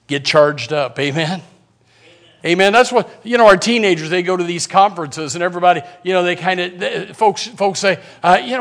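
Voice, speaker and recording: A man with a very high voice preaching a fiery sermon. He swings between loud, shouted lines and hushed asides, repeating words and restarting as he goes. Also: moderate pace. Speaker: pastor.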